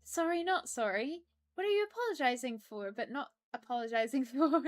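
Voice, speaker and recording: A woman co-hosting a stream voices a prim, polite persona, reading the chat aloud and apologizing often. Her high voice is animated and chatty at a moderate pace.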